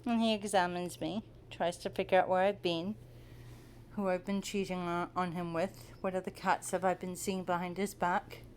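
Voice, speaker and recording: A woman's voice: on the low side, level tone, moderate pace, darkish tone, a little hiss or hum. A young woman at home chatting casually to the camera while playing with her cat, teasing and cooing at him. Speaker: cat owner filming her pet.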